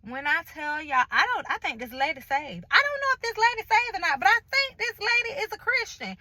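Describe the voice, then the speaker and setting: High, bright-voiced woman telling her story. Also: brisk, no echo, low-quality recording. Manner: animated, emphatic, acts out conversations in retelling; colloquial, chatty, addresses viewers directly. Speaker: vlogger sharing a health update. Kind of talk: casual personal storytelling.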